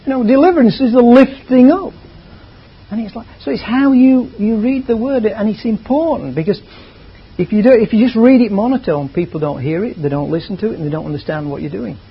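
Husky, lively high-voiced male preacher. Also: brisk. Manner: conversational, chatty, drifts into asides. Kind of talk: sermon. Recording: dull lo-fi recording.

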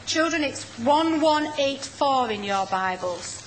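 A woman teaches a Bible study group at a deliberately slow, patient pace. Her voice sits a little high, and she keeps stopping to explain and to prompt readers. Light background noise runs under the room. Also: animated, poor audio.

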